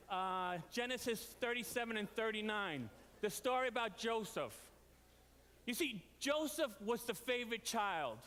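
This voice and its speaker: A man preaching a storytelling sermon, animated and leaping up in pitch for quoted voices. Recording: reverberant hall.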